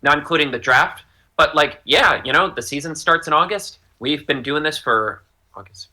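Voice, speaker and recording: Bright, lively podcast host, jokey. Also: male voice, a little high. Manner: jokey, rambling, slips into silly voices. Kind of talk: casual chat.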